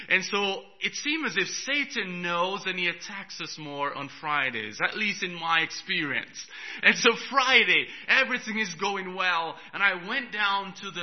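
Man preaching on a dull recording. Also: high-pitched. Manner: storytelling, swings from hushed to loud, chuckles. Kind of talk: sermon with personal story.

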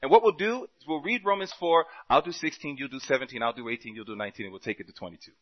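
A man preaching a sermon, telling a story with quoted dialogue and swinging between loud and soft passages. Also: mid-range voice, racing, lo-fi sound.

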